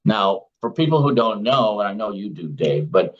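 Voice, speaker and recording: A man's voice: fairly low pitch, lively intonation, moderate pace, muffled recording. A man in his sixties from Chicago, a former floor trader being interviewed, telling anecdotes in a chatty way and acting out the voices of the people in his stories. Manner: chatty anecdotal storyteller who acts out his own and others' quoted lines. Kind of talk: casual interview storytelling.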